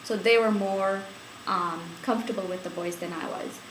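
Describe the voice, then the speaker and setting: Woman interviewee, lively laughing storyteller, echoey recording with light hiss. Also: mid-range voice, moderate pace. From India. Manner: chatty, laughing storyteller with many fillers. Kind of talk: oral history storytelling.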